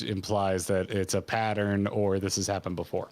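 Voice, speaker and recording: A man's voice: on the low side, little pitch movement, moderate pace, a little mellow. A man casually talking over a video game story with his co-host, reading its dialogue aloud and puzzling over it. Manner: reads game dialogue aloud, then muses over it thoughtfully. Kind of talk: casual gaming stream chat.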